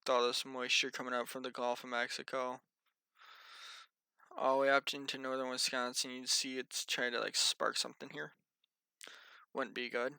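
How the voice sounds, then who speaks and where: A man's voice: medium pitch, flat delivery, normal speed, gravelly, long pauses, pushed and bright, smooth, dry recording. A tired, yawning man giving a casual, rambling weather briefing and muttering to himself as he thinks aloud. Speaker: amateur weather vlogger.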